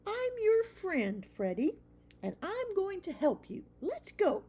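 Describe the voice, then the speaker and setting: A woman voicing an eager, excitable young boy mouse in a children's storybook reading, high and bouncy. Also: takes it slowly, full character voice. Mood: excited.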